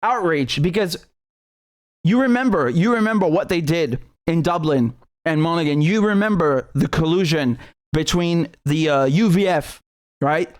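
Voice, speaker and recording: A British commentator rants in outrage, swearing and repeating himself. His voice sits a little high, and the sound is dry and close, with no room at all. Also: measured pace, no echo. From Britain. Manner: outraged, profane and repetitive. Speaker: political commentator. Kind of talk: indignant commentary.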